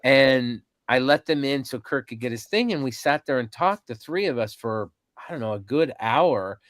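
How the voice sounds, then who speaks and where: A man in his fifties tells stories as a podcast guest, animated and full of ums and restarts. His voice sits at a middle pitch. It sounds close and dry, with no room around it. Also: normal speed, dry recording. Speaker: podcast guest, convention organizer. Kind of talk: casual storytelling interview.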